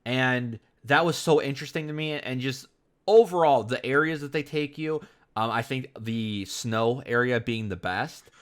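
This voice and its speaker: A young man co-hosting a podcast in a relaxed, rambling way. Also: medium pitch, normal speed. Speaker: podcast co-host. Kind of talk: casual podcast chat.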